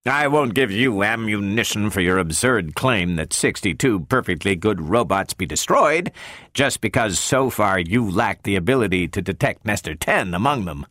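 A smooth, condescending senior scientist from an audiobook, read by a man. His voice sits low and his tone is curt. The recording is dry. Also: animated, normal speed, a bit bright, no echo. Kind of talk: audiobook character reading.

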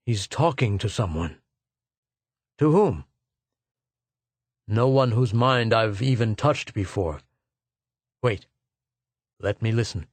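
An exhausted, dazed man, as a male narrator puts him on, muttering in short halting phrases. He sounds drained. The read is close and dry. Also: on the low side, animated, dry recording.

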